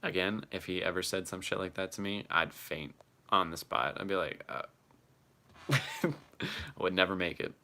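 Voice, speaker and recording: A man's voice: sits low, normal speed, sharp tone. A man chatting casually on a live stream and answering his chat, laughing often and swearing freely.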